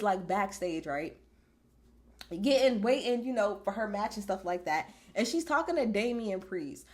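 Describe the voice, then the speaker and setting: Animated, swearing woman vlogger. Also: medium pitch. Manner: emphatic, animated, swears freely. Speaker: wrestling show reviewer. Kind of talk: casual recap vlog.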